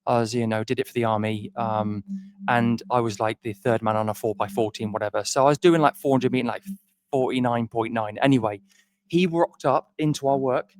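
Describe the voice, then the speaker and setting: A man co-hosting a podcast, spinning a rambling, self-deprecating yarn full of false starts. His voice sits at a middling pitch, recorded close and dry with no room sound. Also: a little fast, a little mellow, dry recording. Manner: rambling, self-deprecating storyteller with many restarts. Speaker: podcast co-host. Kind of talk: casual storytelling chat.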